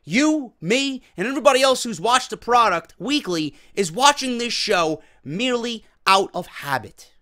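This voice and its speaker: Male host, high voice with a sharp edge, swears constantly, exasperated rant. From New York. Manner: profane, exasperated ranting. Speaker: wrestling show host. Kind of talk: ranting commentary.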